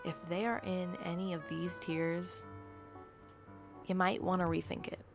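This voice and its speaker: A tired young woman chatting casually in a vlog, ranting in a dramatic, exaggerated way with low energy. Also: flat delivery, unhurried, creaky, music in the background. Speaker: video creator. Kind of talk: casual gaming vlog chat.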